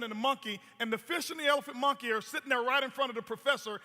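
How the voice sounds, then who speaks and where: Guy pitching network marketing onstage, high bright voice, long hall echo, punchy repeats. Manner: storytelling, punchy repetition, rhetorical questions. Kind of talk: motivational stage talk.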